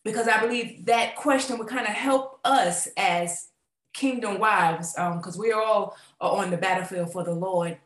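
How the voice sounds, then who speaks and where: A woman hosting a faith podcast, asking questions in a halting way with many pauses and fillers. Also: medium pitch, roomy sound. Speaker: podcast host. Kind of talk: casual faith podcast talk.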